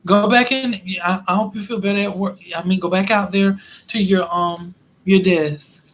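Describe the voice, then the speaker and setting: A man's voice: sits high, steady tone, moderate pace, fairly bright tone. A man doing a smug, falsely polite office manager. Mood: mock-polite. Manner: mock-polite, then tattling.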